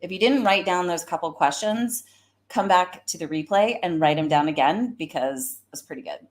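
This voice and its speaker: A woman with a slightly low voice and a Southern US accent, hosting a live career-advice stream on her own. She talks as a recruiter, chatty and fired up, with plenty of fillers along the way. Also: animated, moderate pace. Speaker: host, recruiter.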